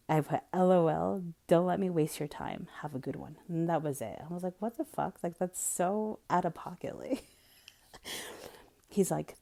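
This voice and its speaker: This is a young woman hosting a casual podcast. Her voice is low, husky and gravelly, with a mellow tone. She talks candidly and bluntly, and sometimes sinks into a whisper. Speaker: podcast host. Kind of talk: casual monologue.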